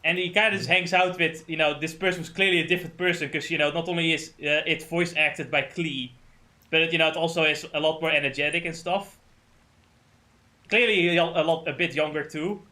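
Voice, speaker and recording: A man's voice: fairly high pitch, fairly even intonation, brisk, bright, forceful tone. A man chatting casually during a game livestream, rambling, swearing often and stumbling over names. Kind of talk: casual gaming stream chat.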